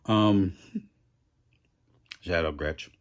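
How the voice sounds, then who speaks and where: A man's voice: low-pitched, drawn-out words. A middle-aged man rambling through a casual food review vlog, chatty and self-deprecating, talking with his mouth full.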